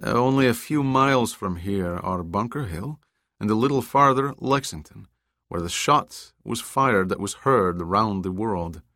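A man's voice: animated, measured pace, sharp tone, no echo, clean studio sound, full character voice. A man reading the lines of an authoritative Russian tycoon making a public speech. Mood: grand. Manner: deep, commanding speechmaking.

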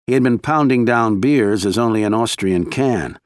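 A man reading a thriller as an audiobook narrator, in a measured, steady way. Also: mid-range voice, no room sound, clean studio sound.

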